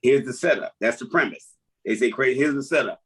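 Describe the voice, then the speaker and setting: A man, a comedian, chatting casually on a podcast and telling jokes as an animated storyteller who laughs at his own lines. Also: medium pitch, brisk, husky. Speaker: comedian guest.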